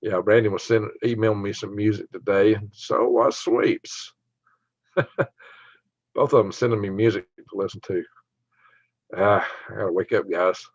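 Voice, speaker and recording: A low-voiced man with a Southern twang, chatting fast and jokey on a livestream and breaking into laughter often. The sound is dry and close, with a dull, lo-fi quality. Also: fairly even intonation, no echo. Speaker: livestream host. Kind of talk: casual livestream chat reading viewer comments. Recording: dry, dull lo-fi stream audio.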